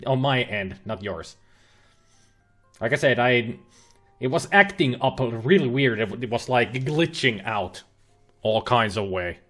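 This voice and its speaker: Chatty male streamer with a lively voice. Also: medium pitch, unhurried, long pauses, faint music behind. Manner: chatty, rambling, with frequent fillers and restarts. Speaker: game streamer. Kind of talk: casual livestream commentary. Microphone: webcam and laptop setup.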